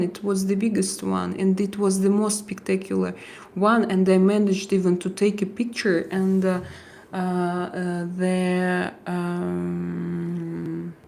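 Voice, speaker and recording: A woman hosting a casual live chat, talking hesitantly with many fillers, pauses and restarts. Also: fairly low pitch, gravelly, a little mellow, a little hiss or hum. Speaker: livestream host.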